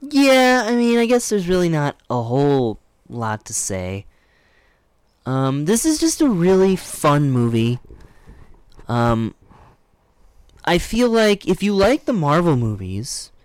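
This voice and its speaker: A young man co-hosts a podcast in easygoing, rambling chat, often drifting into fillers. His pitch swings up and down animatedly. The sound is close and dry, with no room around it. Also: smooth, no echo. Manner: rambling, relaxed, trails off into fillers. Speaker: podcast co-host. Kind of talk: casual chat.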